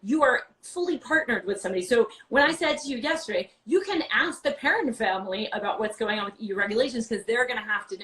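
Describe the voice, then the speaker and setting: Chatty, animated woman from New York. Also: fairly high pitch, rough recording. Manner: chatty, animated, quick asides with lots of "like". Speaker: guest, wine podcast host. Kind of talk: casual interview chat. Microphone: video call.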